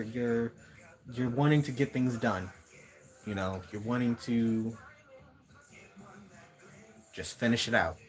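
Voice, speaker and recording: A man giving a casual spiritual card reading to viewers, musing aloud and repeating words as he searches for messages. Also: medium pitch. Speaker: tarot reader.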